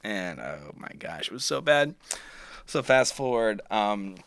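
A man's voice: on the low side, sing-song, unhurried, a bit bright, no room sound. A man, telling a story on his podcast in a rambling, profane, self-mocking way. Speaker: podcast host. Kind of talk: casual storytelling monologue.

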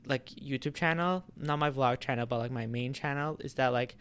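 A man's voice: mid-range voice, normal speed, fairly bright tone, clear, resonant tone. A man who runs a YouTube channel, talking casually to his viewers in a rambling way, with many fillers and restarts. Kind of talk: casual vlog talk to camera.

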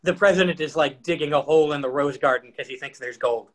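A man chatting casually with a friend, delivering dark jokes in a dry, deadpan way. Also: on the high side, fast. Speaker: podcast co-host. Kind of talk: casual comedic chat.

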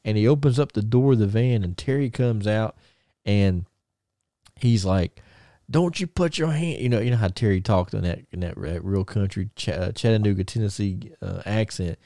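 Low, mellow podcast host rambling on. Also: male voice, a little fast, no room sound, studio quality. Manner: excited, rambling storytelling with many restarts. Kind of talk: casual chat.

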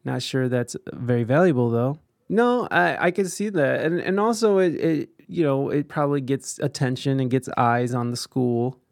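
A tired, yawning man with a gravelly voice, commenting casually on the news and reading articles aloud. He talks in loose, rambling stretches full of restarts. The sound is close and dry, with no room around it. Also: medium pitch, normal speed, few pauses, no echo. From United States. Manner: rambling with frequent restarts and fillers. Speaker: streamer reacting to news.

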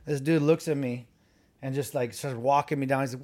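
A man's voice: medium pitch, a little fast. A man co-hosting a podcast, telling a rambling, profane story among friends and laughing as he goes. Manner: animated, profane, laughs while telling stories. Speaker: podcast co-host.

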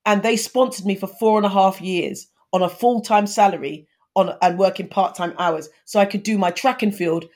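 A woman's voice: mid-range voice, normal speed, few pauses, a little mellow. A woman in her fifties, a guest in an interview, talking earnestly and giving advice, with frequent restarts. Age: 50s. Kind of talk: conversational interview.

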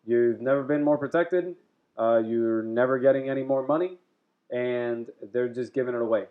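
A man's voice: mid-range voice, moderate pace. Blunt, profane young man on muffled audio. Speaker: podcast co-host. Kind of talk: casual sports chat.

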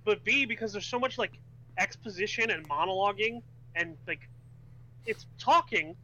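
A man's voice: sits high, moderate pace, sharp tone, dull audio, slight background noise. A man co-hosting a podcast, criticizing a film with sardonic, dry jokes. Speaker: podcast co-host. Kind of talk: casual chat about a film.

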